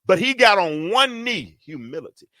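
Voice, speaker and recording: A man's voice: sits high, very animated, moderate pace, sharp tone, dry recording, studio quality. A man hosting a show, teaching from the Bible in a preaching style, colloquial and building into emphatic, repeated lines. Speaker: host.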